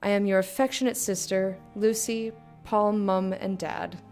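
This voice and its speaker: A woman's voice: medium pitch, flat delivery, measured pace, darkish tone, soft background music, natural voice. A woman reading a letter aloud in a put-on British accent as a blunt, chatty young working-class woman writing to her sister. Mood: gossipy.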